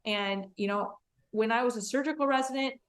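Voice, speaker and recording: A woman's voice: fairly high pitch, brisk, fairly bright tone. A woman hosting an interview, speaking earnestly and reflectively from her own experience. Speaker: podcast host.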